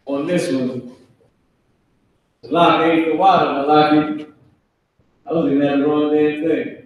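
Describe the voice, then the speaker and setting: A man's voice: fairly high pitch, fairly even intonation, measured pace, far from the mic, muffled recording, slight background noise. Joking man teaching a class, echoey room. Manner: loose, jokey, slangy, acts out kids' voices. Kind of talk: live online class, loose joking talk. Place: classroom with a whiteboard. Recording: echoey room, speaker away from mic.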